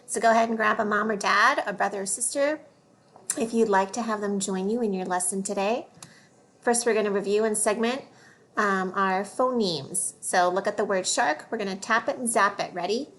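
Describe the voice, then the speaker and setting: A woman teaching a phonics lesson to young children, slowly sounding out letters and words one by one. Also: mid-range voice, fairly bright tone.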